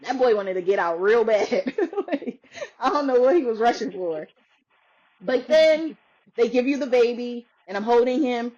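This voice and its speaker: A woman's voice: on the high side, moderate pace. A woman podcaster in a casual chat, telling a story with lots of laughter and acting out what others said. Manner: animated, laughs often, acts out quoted voices. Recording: dull lo-fi sound.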